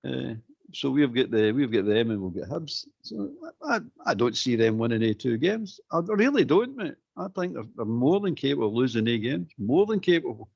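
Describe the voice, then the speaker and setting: Gravelly Scottish man, animated and husky. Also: mid-range voice, brisk, muffled recording. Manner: animated, repeats himself, says "mate" often. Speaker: caller. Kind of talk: football phone-in chat.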